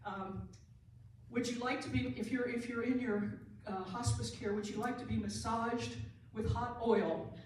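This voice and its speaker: A woman who is an end of life doula and pastor gives an earnest conference talk to a live audience in a large room, repeating key phrases for emphasis. Her fairly high, fairly even voice is a little slow, heard from far off in very echoey audio with light hiss.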